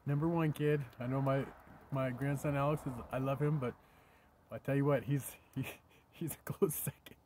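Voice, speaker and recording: An older man talks to camera in a loose, rambling vlog, sometimes sinking into a near whisper. His voice sits at an ordinary middle pitch. A faint outdoor hum sits behind him. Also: steady tone, normal speed, a little mellow. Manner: rambling, drops to a whisper at times. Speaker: vlogger. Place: camping by his vehicle outdoors.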